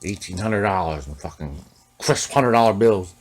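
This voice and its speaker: A man's voice: sits low, lively intonation, normal speed. Streetwise, swearing guitar-repair man. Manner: streetwise, profane, keeps saying "you know what I mean". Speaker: host of a guitar repair channel. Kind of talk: casual storytelling while working on an instrument.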